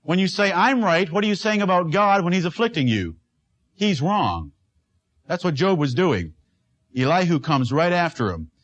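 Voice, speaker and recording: A man's voice: sits high, big pitch swings, normal speed, fairly bright tone, dull audio. A man preaching as a pastor, emphatic, asking his listeners questions and repeating a refrain. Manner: asks the congregation questions. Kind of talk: sermon.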